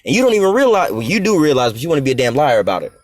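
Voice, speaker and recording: Angry black guy ranting at a clip, cussing nonstop, talks fast. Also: on the high side, big pitch swings. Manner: profane, heated, preachy, addresses the clip directly. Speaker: commentator reacting to a clip.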